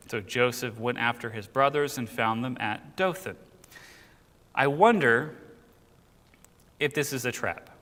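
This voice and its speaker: A man teaching a Bible class in a church room, reading scripture aloud and explaining it in a relaxed, joking way while quizzing his listeners. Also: medium pitch, in a large hall.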